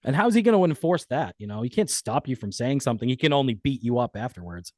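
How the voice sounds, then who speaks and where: A man's voice: mid-range voice, sing-song, fast, a little mellow, dry recording, clean studio sound. A man hosting an interview, reacting to the story and asking pointed follow-up questions. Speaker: interview host. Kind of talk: casual interview.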